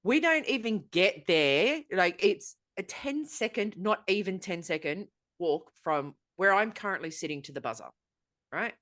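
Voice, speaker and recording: A woman's voice: on the low side, lively intonation, measured pace, a bit bright. Exasperated, sweary Australian woman. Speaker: podcast host. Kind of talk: casual chat, storytelling.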